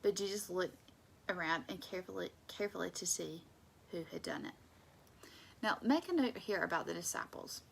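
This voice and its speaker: A woman leading a casual Bible study, conversational and emphatic, sometimes dropping into soft asides. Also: on the low side, animated, moderate pace, creaky, slight background noise.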